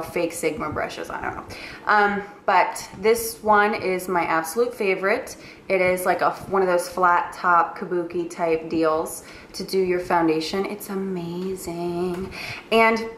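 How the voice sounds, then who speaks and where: A young makeup artist with a New York accent gushes through her monthly favorites in a casual vlog heavy with fillers. Her voice is on the low side and a bit bright, in a roomy echo with faint noise.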